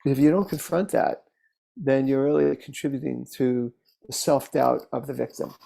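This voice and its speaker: A man working as a therapist, telling case stories in a relaxed, conversational way, with fillers and restarts. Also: mid-range voice, moderate pace, creaky. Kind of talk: casual teaching talk with case stories.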